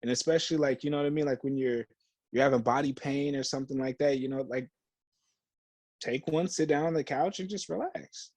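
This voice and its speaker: A young man telling a story on a casual podcast, slipping into other people's voices for the quotes and swearing freely. His pitch sits in the middle, and the close mic sounds dry. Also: a little fast, no room sound. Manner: animated storyteller, acts out quotes, heavy swearing and slang. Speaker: podcast co-host. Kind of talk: casual chat.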